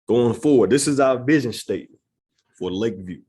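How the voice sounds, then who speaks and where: A man's voice: medium pitch, lively intonation, a little fast, dark tone, husky. A man giving an earnest, conversational community presentation in a church room, often checking in with "right?". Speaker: executive director of a neighborhood nonprofit.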